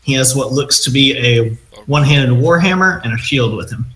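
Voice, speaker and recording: A man's voice: medium pitch, moderate pace, a bit bright. A man narrating as game master of a tabletop game, in a rambling way that often restarts mid-sentence. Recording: echoey room, faint noise.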